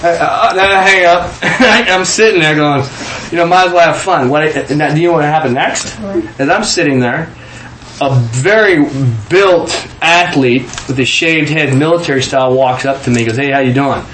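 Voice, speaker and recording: Speaking at a moderate pace, a Kansas man appears as a guest to share his testimony, voicing the characters in it with animation. His slightly high male voice trips, restarts frequently and breaks into laughter. A clear echo and faint ambient hum fill the room.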